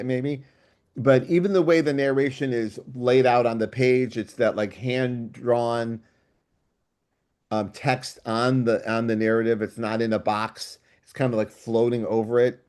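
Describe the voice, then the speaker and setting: This writer, a guest on a book club show, speaks at a measured pace in a mid-range voice over a video call. He's eager and casual, musing aloud in lengthy digressions.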